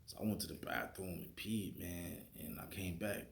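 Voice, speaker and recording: A man's voice: deep voice, steady tone, moderate pace, gravelly. A man casually telling the story of a dream, acting out his own lines and dropping into whispers. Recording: echoey room with faint noise.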